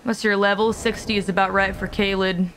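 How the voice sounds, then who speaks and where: A woman's voice: medium pitch, level tone, fairly quick, fairly bright tone, slight background noise. A young woman streaming a video game, chatting casually with her audience, joking around and swearing freely. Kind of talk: casual live-stream commentary.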